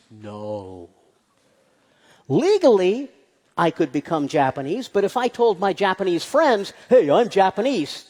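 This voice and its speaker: In a large hall before an audience, a medium-pitched speaker delivers a lecture-style public talk. They speak emphatically, posing rhetorical questions and stressing the main points.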